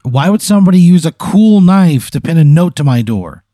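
Male podcast co-host, exasperated and profane, mellow dark tone, dry mic. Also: on the high side, lively intonation, moderate pace, no room sound. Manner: exasperated, swears a lot. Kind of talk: improvised comedy podcast.

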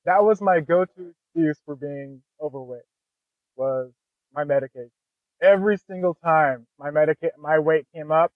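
A man's voice: on the high side, normal speed, dry recording. A man as a podcast guest, telling his own story in a candid, conversational way and often adding "man" and "you know". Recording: dry, phone-like narrow sound.

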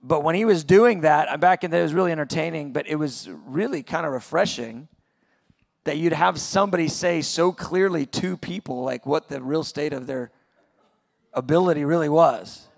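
Middle-aged male preacher, gravelly, earnest conference sermon. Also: a little high, normal speed. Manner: earnest, builds to impassioned peaks. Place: large venue, conference session.

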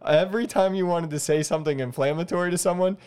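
Smooth-voiced wry man, casual chat. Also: high-pitched, fast talker, a little mellow. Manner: wry, teasing, laughs often.

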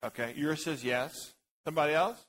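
A man leads a Bible study in a church classroom, talking casually to his group. His voice sits a bit high for a man, and he jokes, thinks aloud and calls on people by name. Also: moderate pace, a bit bright, a little hiss or hum, poor audio.

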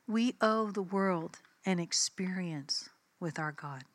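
A woman's voice: on the low side, slow, no room sound. A woman preacher giving a sermon in a conversational, emphatic way, telling personal stories and acting out the dialogue.

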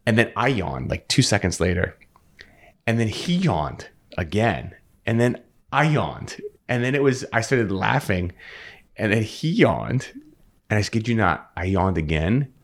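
Low-voiced guy on a podcast, earnest chatty storyteller, keeps restarting words. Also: lively intonation, measured pace. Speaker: podcast guest. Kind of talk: casual conversational storytelling.

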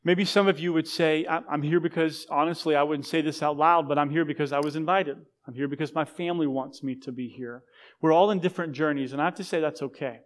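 A man with a fairly high voice delivers a sermon in a church. He talks to the congregation like he's chatting with friends, using humor at his own expense. His sentences often restart midway. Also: fairly even intonation, quick pace. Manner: conversational, self-deprecating humor, frequent restarts. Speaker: guest pastor.

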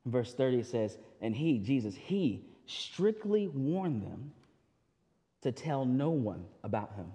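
A man's voice: mid-range voice, big pitch swings, a little slow, dark tone. A man preaching a sermon as pastor, talking in a loose, conversational way with restarts and asides. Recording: long hall reverb.

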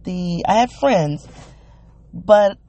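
A woman hosting a solo wellness podcast, thinking aloud in a halting, searching, emotionally open way. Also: on the low side, expressive, mellow. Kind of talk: reflective solo podcast monologue.

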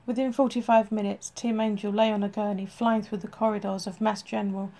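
A woman reading an audiobook, in measured, dramatic storytelling. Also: medium pitch, little pitch movement, dark tone. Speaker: narrator. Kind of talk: scripted audiobook narration.

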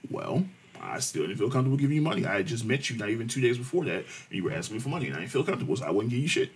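A man telling a profane, animated story in casual chat, acting out the people he quotes. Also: mid-range voice, racing, husky.

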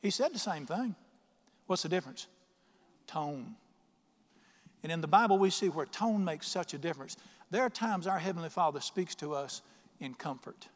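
A middle-aged man delivers an emphatic sermon, reading scripture slowly and firing questions at the congregation. His voice sits a little high for a man, and it rings out through a large church hall with a long reverb. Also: animated. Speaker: pastor.

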